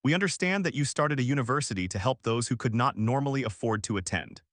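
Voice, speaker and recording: A man's voice: medium pitch, expressive, fast, a bit bright, dry recording, clean studio sound. A man voicing a polite, curious woman asking questions in an audiobook.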